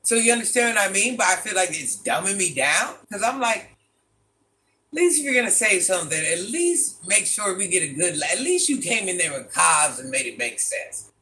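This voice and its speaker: Animated man with bright, lively delivery. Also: high-pitched, moderate pace, slight background noise. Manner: animated, exasperated, rhetorical questions, laughs often. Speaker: livestream host reading chat. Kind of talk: casual livestream chat.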